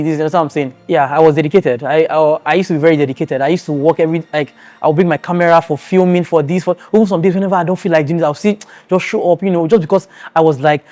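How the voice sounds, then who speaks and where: A man's voice: fairly high pitch, racing, a little mellow, faint music behind. A young man from Nigeria telling his life story in an earnest, emotional storytime vlog, talking straight to his viewers. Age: young adult. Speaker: vlogger.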